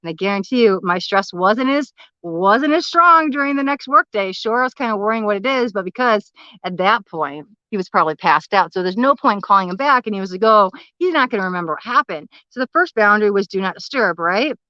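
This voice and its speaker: A woman's voice: medium pitch, expressive, a little fast, bright, forceful tone, dry recording. A young woman coaching on a livestream, telling her own story in a candid, emotional way. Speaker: spiritual life coach. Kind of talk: livestream talk. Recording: slightly muffled, lo-fi livestream audio.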